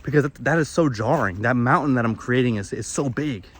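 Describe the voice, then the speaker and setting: A man's voice: medium pitch, brisk. Profane rambling young man outdoors. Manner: rambling, profane, restarts often. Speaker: vlogger. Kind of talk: candid confessional monologue. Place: woods outdoors.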